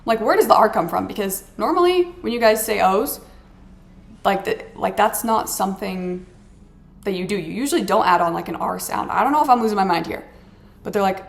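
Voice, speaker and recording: A woman's voice: mid-range voice, lively intonation, fairly quick, gravelly. A woman vlogger chatting casually while she plays a mobile game, ranting dramatically with sarcastic, exasperated asides. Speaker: gaming vlogger.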